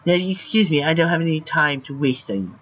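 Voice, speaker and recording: A man's voice: fairly high pitch, lively intonation, brisk, a bit bright, muffled recording. A man voicing a cold, wealthy, resentful businessman in a text game, clipped and dismissive.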